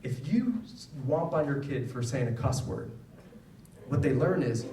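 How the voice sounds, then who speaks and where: Male speaker giving a talk to parents, mellow voice, roomy distant hall sound, casual check-ins with the crowd. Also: mid-range voice, expressive, normal speed, slight background noise. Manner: conversational, frequent "right?" check-ins. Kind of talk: lecture to an audience. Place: school hall with an audience. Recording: echoey hall, voice from far off.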